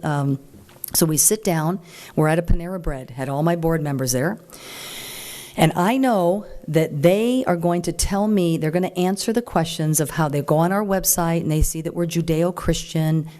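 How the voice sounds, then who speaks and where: Speaking informally to an audience at a political group meeting, this chatty woman tells a story. She's animated, frank and plain-spoken, performing quoted voices at a higher pitch.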